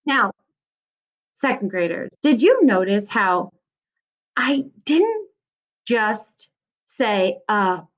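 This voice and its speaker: Sounding out words slowly for second graders, a woman leads a recorded phonics lesson and encourages the children throughout. Her mid-range voice has a sing-song quality, though the recording is muffled.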